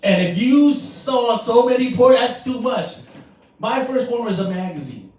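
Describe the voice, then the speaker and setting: A man in his forties from Indonesia headlines a club show with a playful, confessional stand-up set. His voice sits high and swings widely in pitch. He sounds far from the mic, in a heavily echoing room with faint noise behind him. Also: animated, measured pace, a little mellow. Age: 40s. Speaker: headlining comedian. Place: comedy club stage before a live crowd.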